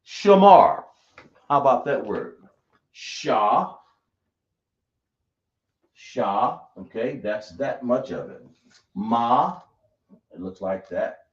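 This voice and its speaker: Man, teacher, slow delivery, quizzing the class, roomy echo, dull lo-fi sound. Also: mid-range voice, sing-song. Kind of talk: classroom lesson.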